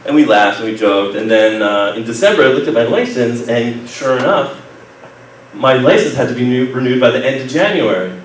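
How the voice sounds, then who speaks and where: A man telling a personal story to a live group, animated and laughing, acting out other people's lines. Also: mid-range voice, fairly quick. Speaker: speaker at a humanist group meeting. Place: meeting room. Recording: echoey room, mic far off, noisy.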